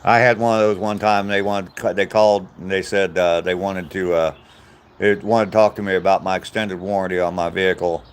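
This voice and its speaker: A man's voice: sits low, little pitch movement, fairly quick, a little hiss or hum. An older American man hosting a live stream on a walk, chatting casually and joking with viewers. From United States. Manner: rambling, jokey, laughs at own stories. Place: outdoors on a walk.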